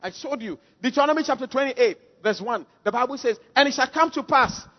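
A man preaching a sermon. He is emphatic, swings from quiet asides to shouted calls, and keeps asking rhetorical questions. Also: very high voice, expressive, brisk. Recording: dull lo-fi sound with long hall reverb.

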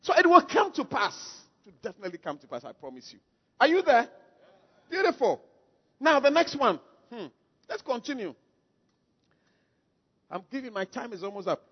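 A man preaching a sermon. He is emphatic, swings from quiet asides to shouted calls, and keeps asking rhetorical questions. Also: extremely high pitch, sing-song, moderate pace, long pauses, slightly rough. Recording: dull lo-fi sound with long hall reverb.

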